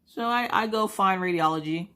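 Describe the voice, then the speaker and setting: A woman's voice: medium pitch, moderate pace, fairly bright tone. A woman from South Carolina, a craft vlogger, telling an anecdote in a chatty, blunt way. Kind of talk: casual storytelling chat.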